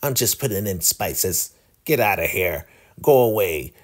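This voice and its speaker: A man's voice: deep voice, expressive, a little slow. A man voicing a scheming elder woman cook who shoos people out of her kitchen. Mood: bossy.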